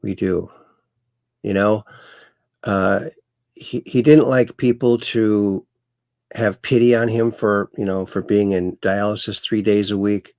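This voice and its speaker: A man's voice: fairly low pitch, steady tone, slow, a little mellow, no room sound, clean studio sound. A man hosting a casual livestream, reading out viewer comments and chatting along in a rambling, folksy way that often repeats itself. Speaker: livestream host.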